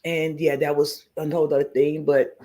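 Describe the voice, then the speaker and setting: A woman's voice: sits low, little pitch movement, moderate pace, warm tone. A woman hosting a casual live stream, telling stories animatedly, laughing often, swearing freely and greeting chat viewers by name. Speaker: livestream host.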